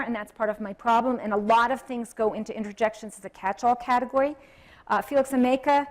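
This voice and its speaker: A middle-aged woman giving a public lecture on linguistics and then answering audience questions in a thoughtful, self-correcting way. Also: a little high.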